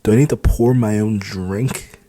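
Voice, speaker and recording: A man voicing a sharp-tongued nineteen-year-old foreign woman in an audiobook. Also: on the low side, fairly even intonation, a little slow. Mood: indignant. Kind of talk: audiobook dialogue.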